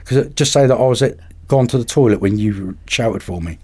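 A man, a podcast guest and carp angler, telling anecdotes in a lively way and acting out the voices of people in them. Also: fairly low pitch, fairly quick, husky. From England. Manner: animated, acts out other people's voices in anecdotes. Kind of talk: casual storytelling.

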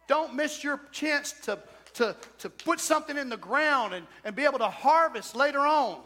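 High-voiced preacher whooping. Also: male voice. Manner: preaching with shouted whoops and emphatic repetition. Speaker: pastor. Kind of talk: sermon. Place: church sanctuary. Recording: church hall reverb.

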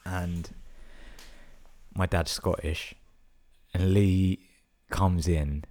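A man's voice: deep voice, steady tone, very slow, mellow. A young man tells stories casually, swearing a lot and filling his talk with 'like'. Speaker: vlogger telling stories. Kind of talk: casual storytelling.

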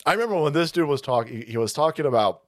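A man hosting a livestream, ranting about politics in a profane, animated way with frequent laughter. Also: a little high, quick pace. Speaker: livestream host.

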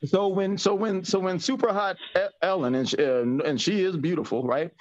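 A man co-hosting a comedy podcast, riffing crude jokes in a rambling, excitable way. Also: sits high, moderate pace, muffled recording. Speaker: podcast co-host.

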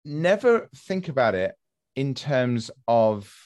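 Male podcast host, middle pitch, animated and rambling, lots of fillers. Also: slow. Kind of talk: casual podcast chat.

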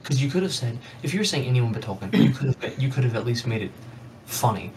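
Man, casual podcast chat, wry and sarcastic, medium pitch, light background noise. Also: expressive, fast talker. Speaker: podcast co-host.

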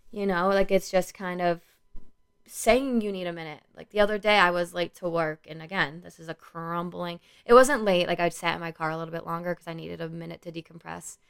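A woman's voice: fairly low pitch, steady tone, fairly quick, gravelly, smooth. A young woman who works as a school social worker, talking earnestly and loosely in a casual solo podcast, with lots of "like" and "you know". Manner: rambling, earnest, many "like" and "you know" fillers.

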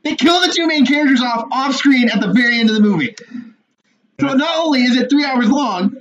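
A young man co-hosting a podcast in casual chat, animated and swearing a lot, laughing often. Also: very high-pitched, fairly quick. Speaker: podcast co-host. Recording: muffled lo-fi audio with faint noise.

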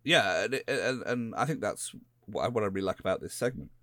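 A man's voice: lowish voice, lively intonation, a little fast, sharp tone, dry recording, studio quality. A man with an English West Country accent, co-hosting a podcast in laid-back, rambling casual chat. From England. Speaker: podcast co-host.

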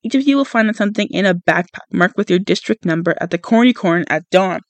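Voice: medium pitch, expressive, quick pace, dry recording, lightly acted. A theatrical male game announcer from a storybook reading, as a podcast reader puts him on, proclaiming his invitation in a showy, lifted voice. The sound is dry and close. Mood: grandiose.

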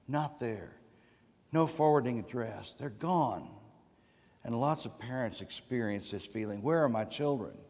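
A man preaching a sermon as a guest preacher, with sweeping rises and drops in pitch and loudness. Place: church sanctuary. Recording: long reverb of a church sanctuary.

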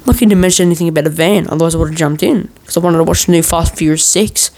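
A man's voice: fairly high pitch, fairly even intonation, rapid-fire, a little mellow, poor audio. A man hosting a podcast, telling a long story in a meandering, joking way full of swearing and restarts. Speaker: podcast host. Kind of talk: rambling casual storytelling.

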